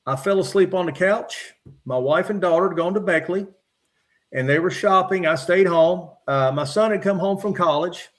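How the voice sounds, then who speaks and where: A middle-aged man from Virginia, a podcast guest calmly recounting his own encounters from his notes with frequent "uh" fillers. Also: sits high. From West Virginia. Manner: measured, matter-of-fact retelling with frequent "uh" fillers. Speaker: podcast guest, former state trooper.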